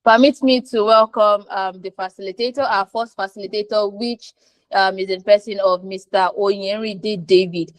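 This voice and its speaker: A woman's voice: mid-range voice, steady tone, normal speed, dry recording. A woman moderating an online graphic design class, speaking with hesitant fillers and repeated polite requests.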